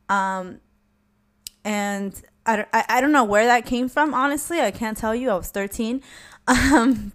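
A young woman hosting an advice podcast, talking frankly and casually, swearing at times and acting out what she would say. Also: mid-range voice. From Latina. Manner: frank, animated, swears casually, acts out her own comebacks. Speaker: podcast host.

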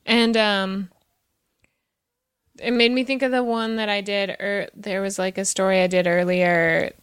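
A woman hosts a podcast in relaxed, chatty conversation, laughing often and filling pauses with "um" and "like". Her voice is smooth and clear at a middle pitch. The sound is dry and close. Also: no echo. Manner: chatty, giggly, many fillers. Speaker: podcast host. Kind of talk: casual chat.

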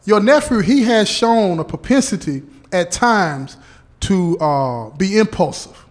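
A man playing a parole officer who explains things slowly and deliberately, checking in often with "okay?" and "right?". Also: high voice, animated. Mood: explaining. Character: patient male parole officer briefing a relative.

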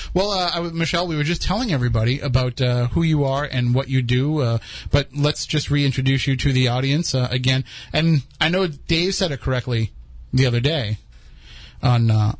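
A man's voice: medium pitch, no echo. A man hosting a live podcast in casual chat, rambling and joking as he tells stories. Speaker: podcast host.

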